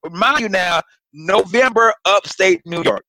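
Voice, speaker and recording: A man who works as a stand-up comedian, telling a story in casual chat with lively acted-out quotes and frequent swearing, on a home video call. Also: sits high, a little slow, slight background noise, low-quality recording. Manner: animated storyteller, swears freely, acts out quotes.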